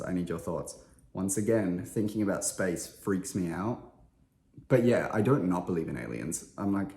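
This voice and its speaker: A man's voice: deep voice, a little mellow, echoey room. A man, reading fan questions aloud and answering them in a casual, rambling chat full of filler words. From Australia. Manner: chatty, self-deprecating, lots of filler words. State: slightly unwell. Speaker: interviewed musician.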